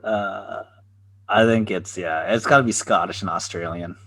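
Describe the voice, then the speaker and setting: A man's voice: deep voice, normal speed, vocal fry, a bit bright. A man co-hosting a podcast in casual chat, laid-back, swearing freely and laughing at his own jokes. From Canada. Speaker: podcast co-host.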